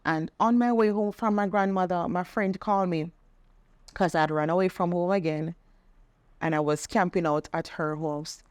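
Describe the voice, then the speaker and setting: A middle-aged woman, telling a personal testimony in conversation, earnest and animated when she quotes others. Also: lowish voice, normal speed, dry recording. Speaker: podcast guest sharing testimony.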